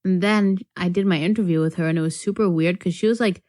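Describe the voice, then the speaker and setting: A woman's voice: fairly low pitch, steady tone, fast talker, a little mellow, no room sound, studio quality. Rambling young woman from North Carolina. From North Carolina, USA. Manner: rambling storyteller, filler-heavy, laughs often. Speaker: podcast co-host. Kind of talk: casual chat.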